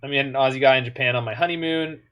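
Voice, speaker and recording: Man, mid-pitched voice, playful casual game commentary, muttered asides. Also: racing, clear, resonant tone, lo-fi sound. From Canada. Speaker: online card game player.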